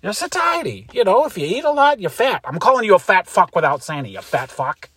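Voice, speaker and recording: A man's voice: sing-song, a little fast, fairly bright tone, breathy edge, dry recording, heavily acted. A man voicing a cocky, rude male telemarketer who mocks the person he calls, in a comedy sketch. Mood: mocking. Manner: cocky, mocking, high-pitched. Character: pushy nasal male telemarketer, mocking and rude.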